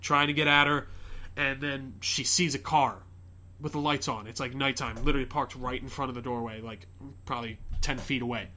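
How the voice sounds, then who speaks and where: Speaking briskly in a sharp, mid-range voice with fairly even intonation, a man on his podcast casually walks through a movie's plot. The retelling rambles, quotes characters, and is packed with fillers and swearing.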